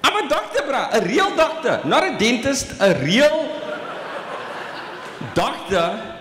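A man's voice: very high-pitched, sing-song, takes it slowly, a bit bright. A man in his forties with a South African accent doing live stand-up in a large hall, teasing the crowd. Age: 40s. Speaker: stand-up comedian. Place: large exhibition hall stage. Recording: echoey hall with room ambience.

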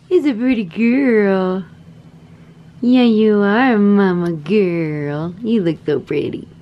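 A woman's voice: mid-range voice, drawn-out words, muffled recording, slight background noise. A woman vlogging casually with a gushing, giggly enthusiasm, first at home and then from her car. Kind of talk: casual vlog chat.

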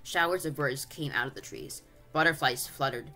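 Brief: channel reader narrating a storybook, mid-pitched, soft music under. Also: moderate pace. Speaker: audiobook reader. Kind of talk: storybook read-aloud narration.

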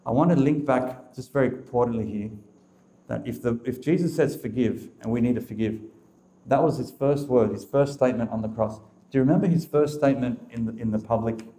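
A man's voice: medium pitch, brisk, warm tone. Emphatic male Catholic speaker, echoey room. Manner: emphatic, rhetorical questions. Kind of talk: religious teaching talk.

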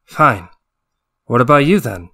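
A man's voice: medium pitch, unhurried, heavily acted. A man doing a weary, blunt war veteran. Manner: flat, blunt and insistent. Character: weary suicidal male army veteran.

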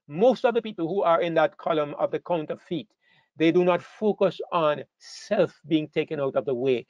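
A man's voice: normal speed, a little mellow, no echo. Emphatic male preacher, dry dull sound. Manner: emphatic, rising sharply in pitch and volume on key phrases, with frequent restarts. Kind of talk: sermon.

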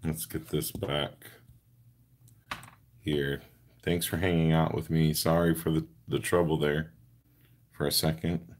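A man with an extremely deep, gravelly voice hosts a crafting livestream. He talks slowly and earnestly, narrating each step and replying to viewers by name. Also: level tone. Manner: chatty, answers viewer comments by name; talks through his hands-on steps. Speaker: card-making livestream host. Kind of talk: casual livestream chat while crafting.

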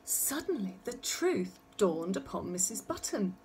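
A woman's voice: medium pitch, big pitch swings, measured pace, a little mellow, slight background noise. A woman reading a children's story aloud, chatting directly to young listeners.

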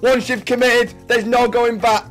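A young man from England commentates his video game as he plays, cursing and chatting to his stream. His voice sits fairly high, and faint music runs underneath. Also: measured pace. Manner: swearing, shouting in excitement. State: voice going hoarse. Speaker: gaming streamer. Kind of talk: excited gameplay commentary.

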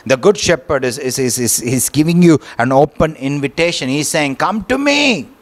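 A male pastor delivers a sermon in an unhurried, earnest way. He keeps asking his listeners "right?" and often stumbles and repeats words as he speaks. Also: medium pitch.

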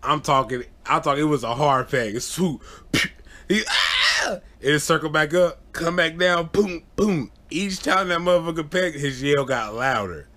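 A male vlogger tells a true story to camera, casual and animated, often laughing as he acts out the people involved. His pitch is fairly high and he takes his time.

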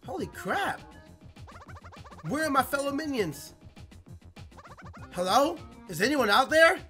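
A man's voice: very high voice, big pitch swings, takes it slowly, sharp tone, soft background music, pitched above the performer's own voice, exaggerated voice. A man voicing a small, lost and anxious male Goomba minion from a video game, reading the lines aloud in a raised, worried voice.

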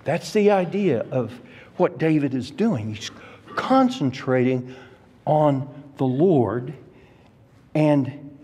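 A man's voice: on the high side, lively intonation, slow, pauses often, mellow, slightly rough. A man teaching an adult Sunday school class in a church. He stresses key words and puts questions straight to the class. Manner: emphatic, rises sharply on key words; addresses the class directly with questions. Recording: long reverb of a church hall.

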